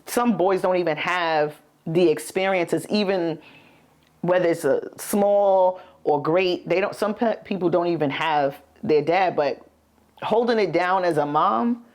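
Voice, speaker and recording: Middle-aged New woman, earnest podcast co-host, lowish pitch. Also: measured pace, a little mellow. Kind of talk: casual chat.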